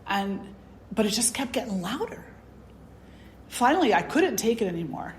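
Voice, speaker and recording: A woman spiritual teacher telling a personal story in a conversational, animated way, full of "you know"s. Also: medium pitch, moderate pace, a little hiss or hum. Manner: conversational, animated, many fillers. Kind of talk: storytelling talk.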